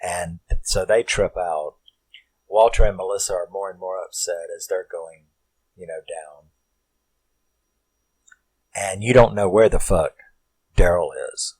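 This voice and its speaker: A man's voice: low-pitched, steady tone, unhurried, long pauses, darkish tone, no echo, low-quality recording. A man casually recapping a horror film in a rambling way, swearing freely and breaking off into asides where he questions himself.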